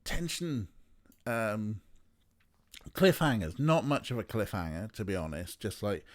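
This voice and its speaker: A young man with a fairly low voice talks through a game stream. He rambles casually, throwing in playful little asides as he goes. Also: animated, unhurried. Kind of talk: casual let's play chat.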